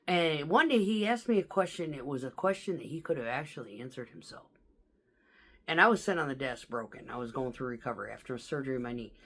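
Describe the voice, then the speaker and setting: A woman vlogger telling blunt, profane stories about coworkers in a casual, animated way, mimicking the people she talks about. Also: low voice, fairly quick.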